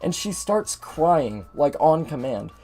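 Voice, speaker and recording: Frustrated young man venting, mellow tone. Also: fairly high pitch, sing-song, slow pace, breathy edge, soft background music. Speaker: gaming video host. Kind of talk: ranting commentary over gameplay.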